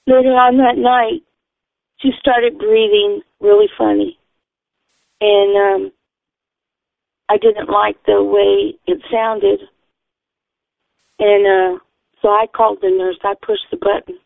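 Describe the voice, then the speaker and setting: A woman's voice: mid-range voice, slow pace, vocal fry, long pauses, no echo. A woman telling a personal faith testimony in an earnest, rambling way, often correcting herself. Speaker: storyteller. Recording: tinny phone-like radio sound.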